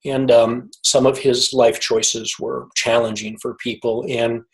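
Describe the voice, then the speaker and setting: Guy guest telling a story, gets choked up, trips over words, middle pitch. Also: little pitch movement, low-quality recording. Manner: emotional, halting, repeats words. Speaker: guest author. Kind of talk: storytelling in conversation.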